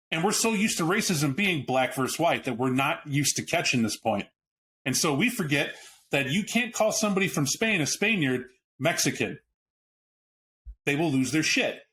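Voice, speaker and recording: A fairly high-pitched, fairly bright voice belongs to this podcast host, recorded with a little hiss or hum. He gets casual and blunt about a tabletop game book, cursing now and then and restarting his sentences mid-thought.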